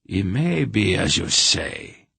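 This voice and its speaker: A cold, scar-faced merchant with a heavy accent, speaking in short, clipped lines, as a man reads him. The voice sits very low, gravelly and husky, with a dry close sound. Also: very animated, takes it slowly, bright, forceful tone, no echo, heavily acted. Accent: heavy foreign accent. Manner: curt, cold.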